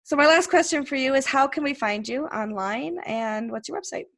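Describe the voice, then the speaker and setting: A woman with a fairly high voice hosts a casual interview. She asks questions and answers her guest briefly and encouragingly. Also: animated, moderate pace, gravelly, fairly bright tone. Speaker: interview host.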